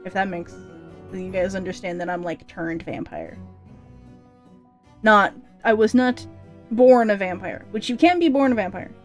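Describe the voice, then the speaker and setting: A woman's voice: mid-range voice, a little slow, pauses often, soft background music. A young adult woman chatting casually on a livestream, rambling and chatty with lots of fillers and restarts. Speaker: streamer debuting a vampire persona.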